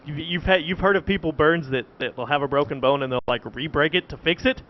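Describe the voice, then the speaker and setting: A man's voice: a little high, fast talker. A man hosting a podcast, rambling and laughing often. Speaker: host. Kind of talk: casual podcast chat. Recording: dull lo-fi voice call audio.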